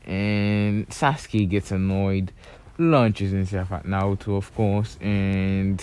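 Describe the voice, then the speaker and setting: A man's voice: low-pitched, fairly even intonation, takes it slowly, darkish tone, clear, resonant tone. A young man casually retelling a fan-made story in a loose, rambling way, full of fillers and restarts.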